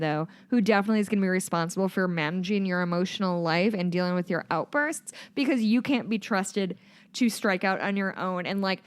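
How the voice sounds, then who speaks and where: A woman's voice: medium pitch, smooth. A young woman co-hosting a podcast, sarcastic and wisecracking in casual chat. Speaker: podcast co-host.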